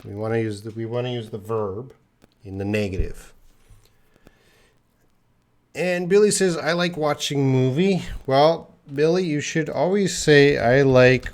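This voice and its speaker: During a live online English class, a tired-sounding man reads out questions from the chat and patiently fixes their mistakes. He talks slowly and clearly for the learners, with a medium-pitched, animated voice.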